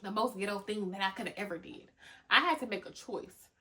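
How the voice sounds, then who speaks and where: A young woman hosting a podcast, giving animated motivational talk full of slang, cussing and laughter. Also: mid-range voice, brisk. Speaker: podcast host. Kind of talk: motivational casual talk to listeners.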